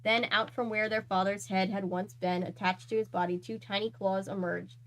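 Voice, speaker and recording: A woman hosting her own channel, reading a dark children's book aloud. Her mid-range voice is earnest and steady, and she now and then breaks off to react. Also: medium pitch, normal speed, poor audio.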